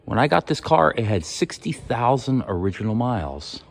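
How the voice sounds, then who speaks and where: A man in his workshop telling a casual, animated story and acting out what other people said. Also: moderate pace, gravelly. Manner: animated, quotes others with pitch jumps. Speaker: vlogger in his shop.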